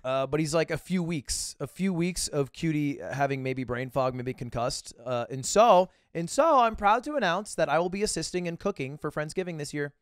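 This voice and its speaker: Joking man with a lively voice. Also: a little high, normal speed, few pauses, smooth, no echo, clean studio sound. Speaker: podcast co-host. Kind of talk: casual chat.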